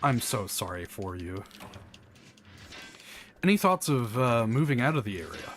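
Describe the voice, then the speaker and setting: A man from the American South with a Southern accent, casually chatting while playing a game, rambling through animated asides. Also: mid-range voice, a little slow, a little hiss or hum. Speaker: gameplay commentator. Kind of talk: casual gameplay chat.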